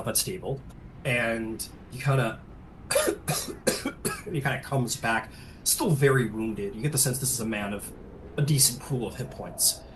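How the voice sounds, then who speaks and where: A man narrating as game master of a tabletop game, relaxed, with many fillers. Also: mid-range voice, a little hiss or hum, rough recording.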